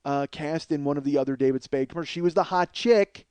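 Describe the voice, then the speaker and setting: Excitable, foul-mouthed male comedian. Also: fairly high pitch, quick pace, clear, resonant tone, no echo. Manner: profane, excitable, laughs through the story. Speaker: comedian and podcast host. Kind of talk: comic storytelling monologue.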